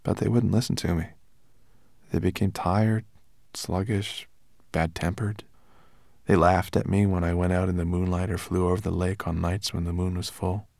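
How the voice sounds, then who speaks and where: A man reading an audiobook, voicing a wary, lonely female silver dragon with a hoarse voice. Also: deep voice, level tone, moderate pace, darkish tone, no echo, clean studio sound. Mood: sad. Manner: uncertain, then earnest and pleading.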